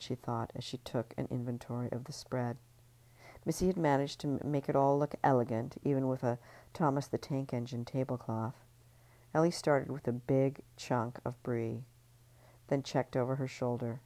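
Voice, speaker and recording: Very deep-voiced woman reading a novel. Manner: calm, measured, occasional restarts. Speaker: author reading her novel. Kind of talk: audiobook-style novel reading.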